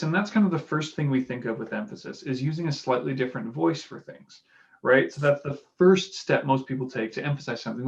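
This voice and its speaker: Male speaking coach, gravelly voice, a bit high, breaks down delivery casually, acts out quick examples, dull lo-fi audio. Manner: demonstrates delivery with acted example lines. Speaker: speaking coach commenting on clips. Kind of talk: casual analytical commentary.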